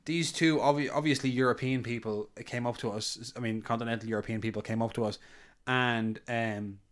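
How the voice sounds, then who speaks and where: A young Irish man hosting a podcast, telling a story in a relaxed, rambling way with lots of fillers. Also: medium pitch, a little fast. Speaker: podcast host. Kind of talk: casual chat, storytelling.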